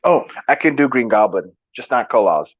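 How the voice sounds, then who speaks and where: A man's voice: mid-range voice, animated, normal speed, husky, dry recording. A man chatting casually, rambling and stopping and restarting as he tries to recall lines. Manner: rambling, hesitant, stops and restarts while trying to recall lines. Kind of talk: casual chat. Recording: dull lo-fi sound.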